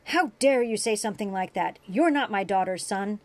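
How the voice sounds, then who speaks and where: A woman reading aloud, voicing an angry old man whose voice shakes with age and who shouts with suspicion. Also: medium pitch, expressive, normal speed, close to an everyday voice. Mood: furious. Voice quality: shaky.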